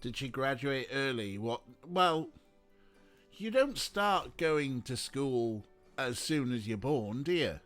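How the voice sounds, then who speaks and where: Give me a man slowly cracking jokes while streaming a game. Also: mid-range voice, animated, fairly bright tone, faint music behind. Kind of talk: casual let's play commentary.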